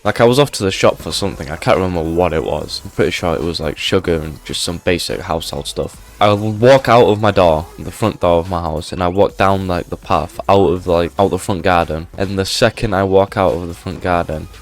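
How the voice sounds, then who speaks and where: A man's voice: low-pitched, fairly quick, hardly any pauses. A man telling a story casually, rambling with lots of filler words and swearing. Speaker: gaming YouTuber.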